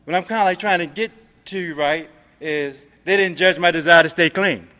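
A man's voice: on the high side, normal speed, pushed and bright, in a large hall. A man from Maryland giving a personal recovery testimony, streetwise and profane, filling his talk with "man". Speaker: recovery speaker.

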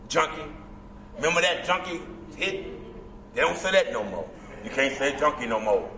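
A man with a high voice that leaps all over the place, preaching his story to a crowd with emphatic bursts. He is heard from far off in an echoey convention hall with a long reverb tail. Faint room ambience hums behind him. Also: animated, moderate pace, bright, forceful tone, slight background noise. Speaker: guest speaker at a recovery convention. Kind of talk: impassioned speaker share. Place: large indoor convention hall.

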